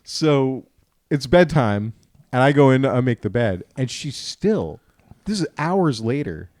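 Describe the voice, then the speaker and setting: A man, a father and podcast host, telling a profane, animated story in casual chat and acting out the dialogue. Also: medium pitch, a little slow, no echo. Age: adult father.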